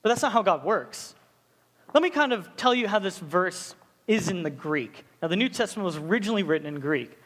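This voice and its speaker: A young man with a high voice preaching to students in a relaxed, joking way, jumping into stories with lively asides. his words ring out with a long reverberant tail. it sounds like a big hall rather than a small room. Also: a little fast. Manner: casual, joking, animated storytelling. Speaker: youth pastor. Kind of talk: sermon.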